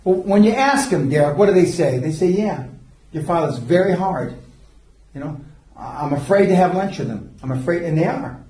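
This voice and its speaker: A man's voice: sits high, animated, normal speed, mellow. An older man giving a seminar, telling rambling stories in a blunt, profane way. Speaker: seminar speaker and mentor. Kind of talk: seminar lecture. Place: seminar room. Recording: echoey room from far off.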